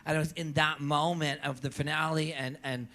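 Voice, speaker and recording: A man's voice: a little high, flat delivery, moderate pace, sharp tone. A man from Canada, a drag performer on a viewing-party panel, talking in an emotional, casual way with frequent swearing and repetition. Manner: emotional, swears often, repeats himself. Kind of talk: casual chat.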